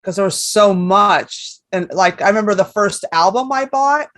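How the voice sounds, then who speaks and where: A woman in her fifties, a comedian guest on a podcast, telling stories in a lively way and swearing freely. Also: mid-range voice, normal speed, dry recording. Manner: animated storyteller, swears freely. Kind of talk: casual podcast chat.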